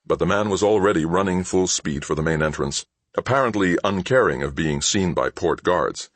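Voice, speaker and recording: A man reading a science fiction audiobook in an exceptionally deep voice. His narration moves with lively, expressive inflection and sounds close and dry. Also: normal speed, dry recording.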